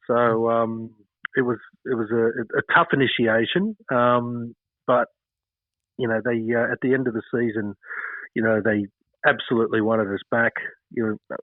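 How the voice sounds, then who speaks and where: A man's voice: mid-range voice, brisk, no room sound, narrow, tinny audio. A man in his fifties with an Australian accent, a former cricketer telling stories in an interview, rambling with many fillers. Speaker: former cricketer, podcast guest. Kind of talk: casual interview storytelling.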